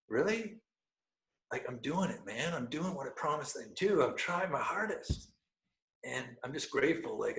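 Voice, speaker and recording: Animated man telling a story, roomy sound. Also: medium pitch. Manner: animated, laughing, drops to hushed tones when quoting. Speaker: podcast guest. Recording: roomy echo.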